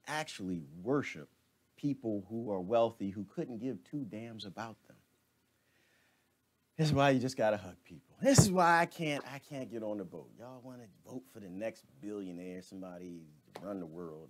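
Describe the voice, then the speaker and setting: A man's voice: mid-range voice, moderate pace. A man hosting a live stream, ranting casually in a colloquial way with laughs and asides to viewers. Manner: animated, laughing, talks back to viewers.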